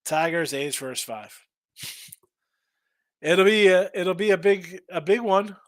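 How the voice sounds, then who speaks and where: Reading viewer messages aloud during a casual live betting stream, this host rambles, restarts, and repeats words frequently. He speaks slowly in a voice slightly high for a man, recorded close and dry with hardly any room sound.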